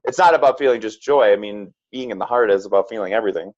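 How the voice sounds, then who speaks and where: A man with a lowish, darkish voice talks fast as a podcast guest, earnest and frank, full of "like"s and "right?"s. The chat is casual and reflective, recorded with a slightly dull lo-fi sound.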